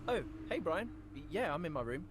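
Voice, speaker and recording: An actor playing an easygoing young male racing driver who answers in a laid-back, low-key way. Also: sing-song, normal speed, background noise.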